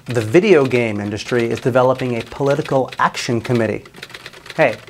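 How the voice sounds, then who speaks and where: A man's voice: medium pitch, brisk, slight background noise. A man hosting a comedy show, giving sarcastic, satirical commentary on business news. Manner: sarcastic, with jokey swoops into silly voices.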